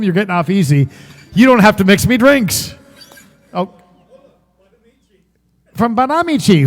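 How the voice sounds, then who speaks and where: Chatty music-stream host, a man with a high voice and a guitar behind him, some hall reverb. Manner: chatty, joking, greets viewers by name. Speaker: musician and livestream show host. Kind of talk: casual chat with viewers.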